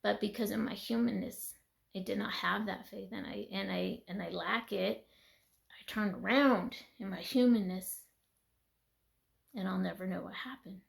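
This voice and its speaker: A woman sharing an emotional personal faith testimony, earnest and conversational, tired and teary, with soft laughs and some words trailing into a whisper. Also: medium pitch, moderate pace, gravelly.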